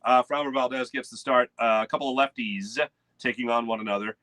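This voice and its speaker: Philly sports host, male, bright slightly high voice, loose and rambling, dry close home-studio mic. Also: fairly even intonation, a little fast, no room sound. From United States. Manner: rambling, chatty, reads out chat names. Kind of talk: casual live morning sports show.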